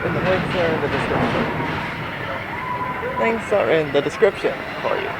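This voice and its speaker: A young man with a high voice vlogs on a handheld camera as he walks outdoors. He rambles, restarts his sentences and sounds slightly out of breath. Loud park noise fills the background. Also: animated, normal speed, gravelly. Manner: rambling, restarts, catches breath while walking. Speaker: vlogger. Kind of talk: casual walking vlog.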